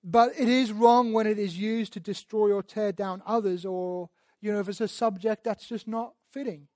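A man preaching a sermon and teaching through Bible verses, speaking earnestly, often repeating words as he restarts, and building to loud emphatic passages. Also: high-pitched, steady tone, moderate pace, no echo. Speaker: pastor.

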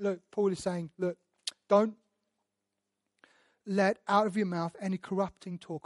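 A man preaching a sermon and teaching through Bible verses, speaking earnestly, often repeating words as he restarts, and building to loud emphatic passages. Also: high-pitched, steady tone, measured pace, long pauses, dry recording. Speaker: pastor.

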